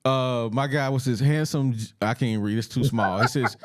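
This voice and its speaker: A man hosting a sports podcast in casual banter, loud and slangy, laughing often. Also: medium pitch, normal speed. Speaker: podcast host.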